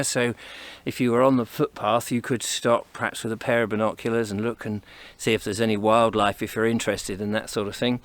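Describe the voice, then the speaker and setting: A man from England chatting to his camera on a cold walk along misty country footpaths outdoors. He is a little out of breath from walking and rambles easily from thought to thought in a mid-pitched voice. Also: fairly bright tone. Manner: chatty, rambling, thinks aloud while walking. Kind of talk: casual walking commentary to camera. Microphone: camera on a tripod, set up and carried along.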